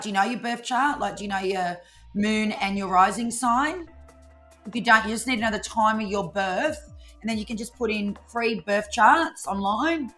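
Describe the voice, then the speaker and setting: An Australian woman chats casually on a live tarot stream, her voice bright and forward. She teases viewers, laughs easily and drops Aussie slang. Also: medium pitch. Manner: chatty, teasing, laughs often, Aussie slang.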